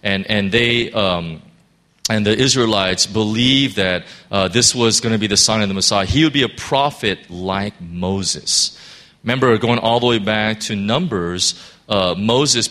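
A man with a bright, forceful voice leads an informal Bible study. He speaks earnestly, reads scripture aloud and often stumbles into restarts as he explains. His pitch sits in an ordinary middle range. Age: adult parent of a school-age child. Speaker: Bible teacher.

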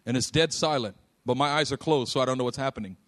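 A man preaching a sermon, telling a personal story and acting out its voices, dropping soft and low in quiet moments and shouting at the peaks. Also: fast talker.

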